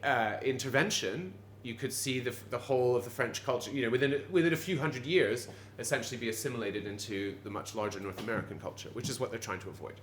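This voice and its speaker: A man with a Quebecois-Canadian accent talks at the bar of an old pub, animated and digressive, full of restarts. His voice sits in the middle range, and it rings around a roomy space with faint pub ambience behind it. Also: medium pitch, fast talker, few pauses, a little hiss or hum. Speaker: pub landlord. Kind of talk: conversational interview.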